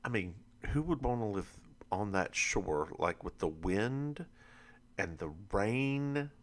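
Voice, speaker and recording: A man's voice: on the low side, expressive, slow. A man co-hosting a podcast, recapping a TV episode in casual chat and laughing often. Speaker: podcast co-host.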